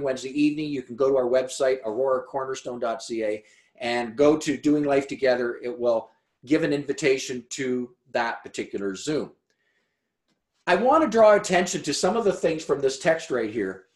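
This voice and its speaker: A man preaching a sermon as pastor, explaining a scripture passage in an expressive, conversational way. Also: on the high side. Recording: roomy echo.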